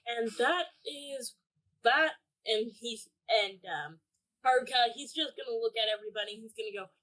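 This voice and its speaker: A woman player in a tabletop game session, speaking in a relaxed, unhurried way. She sometimes trails off with an um before going on. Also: fairly high pitch, low-quality recording.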